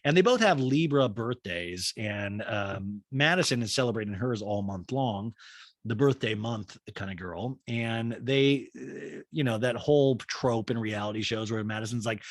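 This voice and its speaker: A man's voice: normal speed, no echo, studio quality. A young adult man casually recapping a reality show, acting out the cast's lines in exaggerated voices. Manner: animated, acts out quotes in exaggerated high voices.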